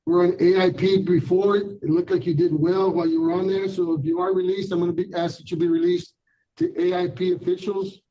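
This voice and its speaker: Firm, high-voiced male judge. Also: little pitch movement, fairly quick, dark tone, rough recording. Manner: firm, instructive warnings. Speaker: magistrate judge. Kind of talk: courtroom hearing. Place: courtroom.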